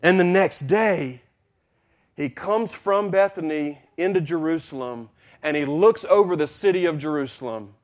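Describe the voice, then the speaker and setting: Guy preaching a sermon, kinda high voice, goes from quiet to fired up, repeats lines for punch. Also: normal speed. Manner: swings between hushed and loud, building excitement; repeats phrases for emphasis.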